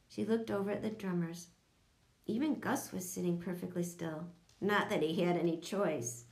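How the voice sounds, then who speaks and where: A woman's voice: lowish voice, moderate pace, darkish tone, roomy sound. A woman narrating a children's audiobook, switching into voices for each character.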